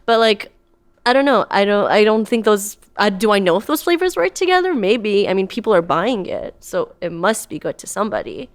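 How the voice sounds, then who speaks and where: Teasing woman with a lively voice. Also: mid-range voice. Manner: teasing, quick to push back. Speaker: podcast co-host. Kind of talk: casual chat.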